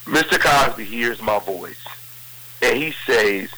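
A man's voice: mid-range voice, expressive, slow pace, sharp tone, rough recording. A man telling a story as an interview guest, vividly retelling events with lots of quoted dialogue. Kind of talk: conversational storytelling.

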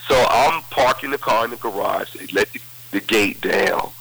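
A man with a low, husky voice recounts a story to an interviewer. His delivery is forceful and tense, and he acts out what others said. It feels like conversational storytelling. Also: moderate pace, low-quality recording. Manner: vivid retelling with lots of quoted dialogue. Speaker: interview guest.

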